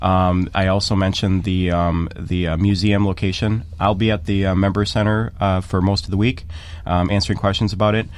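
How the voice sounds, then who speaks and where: Halting man guest on a radio talk. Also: low voice, level tone, clear, resonant tone. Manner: halting, many fillers and restarts. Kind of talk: radio interview.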